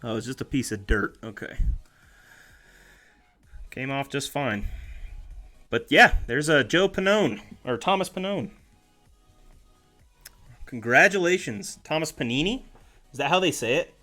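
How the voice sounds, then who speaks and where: A man's voice: medium pitch, animated, measured pace, long pauses, sharp tone, faint music behind. Chatty man calling out cards on a stream. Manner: chatty, reads names aloud as he goes, jokes and corrects himself. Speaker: streamer opening trading card packs. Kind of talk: casual live-stream commentary.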